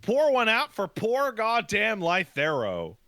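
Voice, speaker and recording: A man's voice: high-pitched, huge pitch swings, slow, bright, forceful tone, no echo, clean studio sound. A man co-hosting a podcast in casual banter, ranting in an exasperated tone and swearing often. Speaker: podcast co-host.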